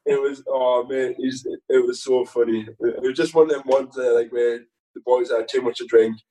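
A man in a relaxed interview chat, telling dressing-room stories with a dark, mellow tone. He rambles, laughs often and restarts his sentences. His voice sits a little back from the microphone. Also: medium pitch, moderate pace, distant mic, a little hiss or hum, low-quality recording. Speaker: footballer guest.

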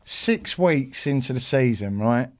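A middle-aged man, a podcast guest, telling an animated anecdote in a casual way, swearing and acting out what others said. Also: medium pitch, a little slow.

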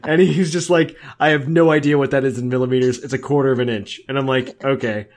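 A man co-hosts a casual podcast, talking enthusiastically and rambling with plenty of fillers. His mid-range voice holds a steady tone at a quick pace.

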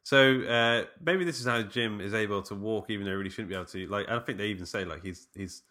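A man's voice: fairly low pitch, fast, sharp tone. A man co-hosting a casual film podcast, rambling with many fillers. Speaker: podcast co-host.

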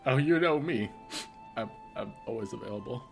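Man voicing a shifty henchman, stammering, eager to please, mid-pitched, faint music behind. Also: animated, normal speed, gravelly. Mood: reassuring. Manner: hesitant, full of "uh", wheedling.

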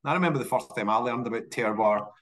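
A man with a Scottish accent telling stories in a casual interview, animated and often repeating words as he restarts. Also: mid-range voice, fast talker. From Scotland. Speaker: whisky industry guest.

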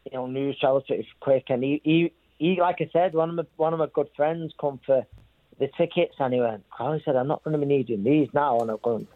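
A man's voice: on the high side, moderate pace, dry recording. Man telling a story over a thin line. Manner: rambling, repeats himself, quotes others. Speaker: boxer telling his story. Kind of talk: interview storytelling. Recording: thin phone-like sound.

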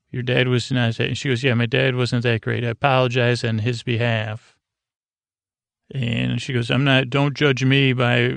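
Rambling gravelly man recapping. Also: medium pitch, fairly bright tone, dry recording. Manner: rambling, many fillers and restarts. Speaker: podcast host. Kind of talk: casual episode recap.

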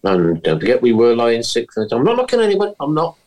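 A man's voice: mid-range voice, huge pitch swings, very fast, darkish tone. A man hosting a casual chat podcast over a video call, jokey and teasing, with sing-song announcer flourishes. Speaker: podcast host.

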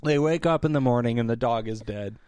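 A man's voice: medium pitch, a little fast, darkish tone, smooth, dry recording, studio quality. A man on a podcast, recapping a movie as a casual comedic chat, acting out the characters, laughing often and swearing.

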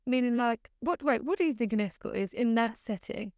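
A woman's voice: on the high side, lively intonation, brisk, dry recording, studio quality. A woman co-hosting a podcast, telling a funny story in casual chat and laughing as she goes. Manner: giggly storytelling, laughs mid-sentence. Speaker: podcast co-host.

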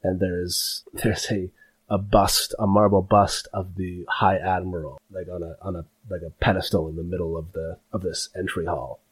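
A man serves as game master, narrating a fantasy scene in an unhurried, rambling way. His voice sits fairly low and comes across husky and a little breathy. He strings his descriptions together with plenty of fillers and restarts. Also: level tone.

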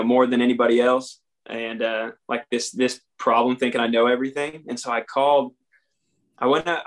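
A man's voice: medium pitch, a bit bright. A young man with a drawl, a podcast guest candidly telling his own story in plain, earnest speech and acting out the lines he once said. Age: young adult. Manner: earnest, plain-spoken, acts out his own past dialogue. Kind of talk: candid storytelling about addiction recovery.

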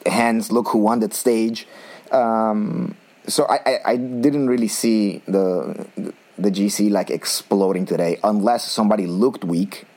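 A man hosting a casual cycling talk, chatty and self-mocking, with many restarts and pauses. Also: lowish voice, darkish tone. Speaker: cycling podcast host. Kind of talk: casual chat.

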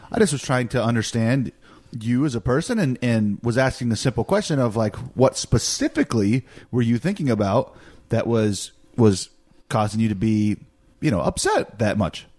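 Earnest, lively man explaining himself. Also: medium pitch, moderate pace. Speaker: podcast co-host. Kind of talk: casual chat.

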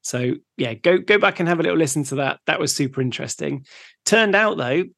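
Male podcast co-host from England, relaxed and chatty, slightly high voice. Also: brisk, vocal fry, no room sound, studio quality. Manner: relaxed, laughs easily, recaps facts. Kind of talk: casual chat.

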